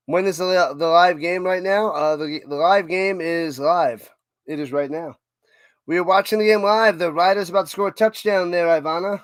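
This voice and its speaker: It's a high male voice at a moderate pace, with no echo. With a New York accent, he calls plays excitedly during a streamed watch party and slips in chatty remarks to viewers while reading chat.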